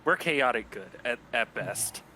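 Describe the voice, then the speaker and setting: Dnd player dude, bright forceful voice, dry and blunt, little hiss behind. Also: male voice, mid-range voice, expressive, measured pace, rough recording. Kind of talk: casual tabletop play.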